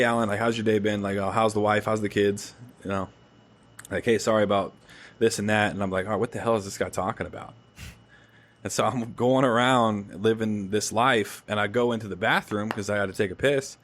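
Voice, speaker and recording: Low-voiced man telling a dream story. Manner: animated storytelling, swears freely. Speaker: podcast host. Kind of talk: casual chat.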